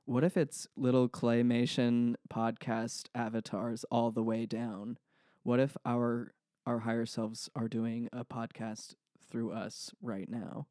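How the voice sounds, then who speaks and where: A young man chatting on a podcast, telling rambling, self-deprecating stories and laughing easily. The voice is mid-pitched and sits close to the mic in a dry, deadened space. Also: little pitch movement, slow pace, dark tone, no echo. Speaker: podcast co-host. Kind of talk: casual chat.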